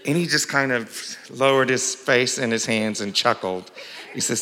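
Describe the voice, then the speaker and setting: A man's voice: mid-range voice, animated, moderate pace, bright, forceful tone. A man preaching a sermon as pastor, mixing humorous stories with emphatic scripture reading. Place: large church sanctuary. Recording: long reverb of a large church hall.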